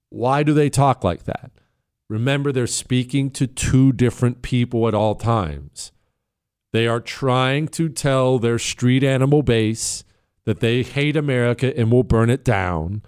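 A man's voice: medium pitch, a little mellow, clean tone. A man hosting a talk show, delivering an opinionated, emphatic monologue that rambles with plenty of fillers.

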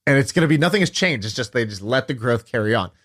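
Casting: man in his thirties, podcast co-host, lively storyteller, mid-pitched. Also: fast. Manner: animated storytelling, acts out quoted voices. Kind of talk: casual chat.

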